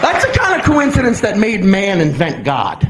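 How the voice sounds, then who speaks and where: A young man performing a stand-up comedy routine on a club stage, telling the story with animated, acted-out exclamations. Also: sits high, normal speed, loud music behind the voice, rough recording. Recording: live audience laughter. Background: crowd laughing.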